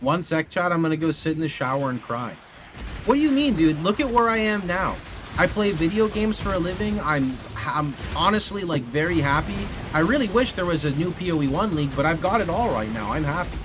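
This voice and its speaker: A man's voice: on the high side, fairly quick, music in the background. A man streaming live, telling rambling stories and chatting with his viewers in a loose, self-correcting way. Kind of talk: casual livestream chat, answering chat. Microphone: studio condenser mic. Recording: steady background noise. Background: steady noise.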